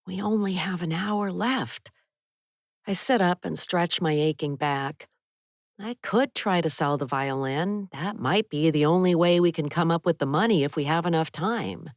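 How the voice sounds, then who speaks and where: A woman narrating a first-person thriller audiobook in a steady, even way on a close studio mic. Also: on the low side, measured pace, no room sound.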